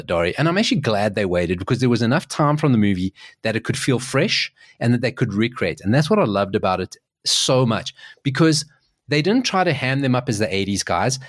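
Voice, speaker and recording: Animated man, lively up-and-down voice. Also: dry recording, clean studio sound. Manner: animated storyteller, jumps in pitch, restarts often. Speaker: podcast co-host. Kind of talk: casual chat.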